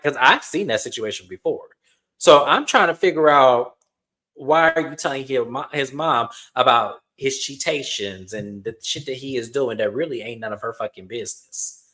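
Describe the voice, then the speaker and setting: Animated man recapping reality TV. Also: medium pitch. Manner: animated, acts out quotes, swears freely. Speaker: reality TV reviewer. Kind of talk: casual recap commentary.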